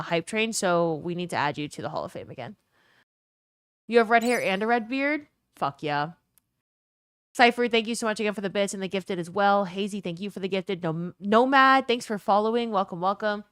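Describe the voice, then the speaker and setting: A young woman hosting a live stream, chatting excitably with her viewers, swearing freely, and thanking them for gifts. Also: medium pitch, no echo, studio quality. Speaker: livestream host. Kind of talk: casual stream chat.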